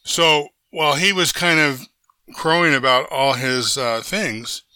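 An older man with an extremely bright, sharp-edged voice tells a long personal story to an interviewer. The sound is dry and close, with no room around it. He speaks in a lively, animated way, restarts his sentences often, and jumps into the voices of people he quotes. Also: a little high, a little slow, clean tone, dry recording. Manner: animated anecdote-teller who acts out quoted voices; frequent restarts and self-corrections. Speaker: interview guest. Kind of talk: conversational storytelling.

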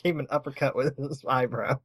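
A man's voice: mid-range voice, fairly even intonation, fairly quick, slightly rough, no room sound. A man co-hosting a podcast in casual chat, laid-back and dry-humored. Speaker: podcast co-host.

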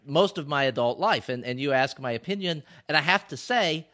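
A man hosts a podcast in easy, casual conversation. His voice sits a little high and rings bright and forward. He talks emphatically and breaks into laughter easily. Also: lively intonation, a little fast. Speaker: podcast host.

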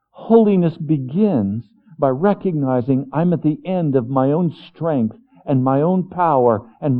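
A man preaching a sermon, slow and storytelling, dropping his voice soft when he voices God's words. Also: mid-range voice. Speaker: pastor. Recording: tinny phone-like lo-fi recording.

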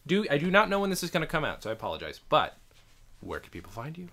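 A man's voice: a little high, wildly swooping pitch, fast talker, vocal fry, bright, forceful tone. A man hosting a podcast interview, casual and swearing freely, murmuring along as he listens. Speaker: podcast host.

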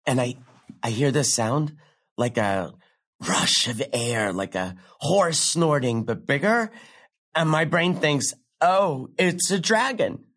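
Snarky foul-mouthed young comedian gal, rambling on and swooping up high then dropping low. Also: female voice, animated, slow pace, full character voice. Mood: wry. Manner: rambling, sardonic, profane, big pitch swings. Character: brash young woman comic telling a profane story. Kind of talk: stand-up comedy monologue in a drama.

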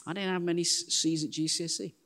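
An English man in his forties preaching a sermon in a church, telling self-deprecating stories in a lively way. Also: on the high side, quick pace. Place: church hall. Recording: long hall reverb.

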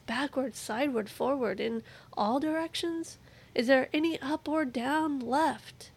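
A woman's voice: fairly high pitch, creaky. A woman voicing a frantic male madman who cries out rising rhetorical questions in anguish, as part of a read-aloud passage.

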